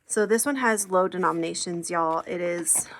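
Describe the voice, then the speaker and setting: A woman who created a savings challenge chats casually while counting cash aloud, sounding upbeat and friendly. Her voice is fairly low-pitched at a normal speed, with slight background noise.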